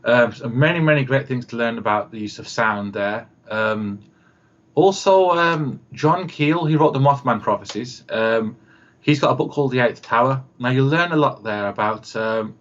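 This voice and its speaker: A slightly bright, medium-pitched male voice at a moderate pace, with the high frequencies cut off. The speaker, a radio host and producer, chats as a guest on a video call, spinning rambling stories, performing quoted voices, and leaning heavily on fillers.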